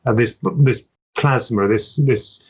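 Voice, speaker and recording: A man's voice: medium pitch, slow, a little mellow, husky. A man in casual conversation, speaking earnestly and emphatically and asking questions.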